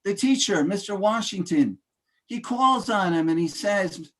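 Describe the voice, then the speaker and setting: A man speaking as a guest motivational speaker, emphatic and rousing, often addressing "ladies and gentlemen" between filler sounds. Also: high-pitched, animated, unhurried. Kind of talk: motivational speech.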